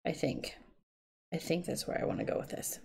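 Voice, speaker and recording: A woman's voice: a little fast, a little mellow. A woman in her thirties from the United States, narrating a casual planner session while she works, chatty and mildly sarcastic, talking to herself. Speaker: planner vlogger. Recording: noisy home recording.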